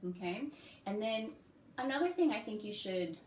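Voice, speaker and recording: A woman who teaches music, giving step-by-step practice advice in a relaxed, friendly way with frequent ums and okays. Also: mid-range voice, normal speed, echoey room, slight background noise. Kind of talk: casual instructional talk.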